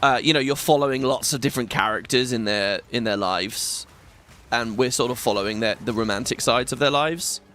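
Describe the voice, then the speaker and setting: Sharp in tone and fairly quick, this medium-pitched man is a British gaming YouTuber in his thirties. He chats and rambles casually over his gameplay, swears, and restarts his thoughts many times.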